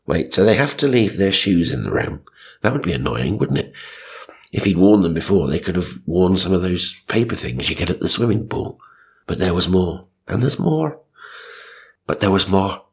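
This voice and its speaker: A deep, husky-voiced man reads tabloid ghost tales aloud. He keeps interrupting the text with dry, sarcastic comments. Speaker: narrator. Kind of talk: comic reading of magazine stories.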